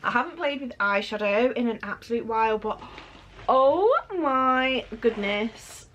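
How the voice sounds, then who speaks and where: Gushing woman, higher voice. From United Kingdom. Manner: gushing and excitable, with gasps and exclamations. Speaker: beauty vlogger. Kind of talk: casual unboxing vlog.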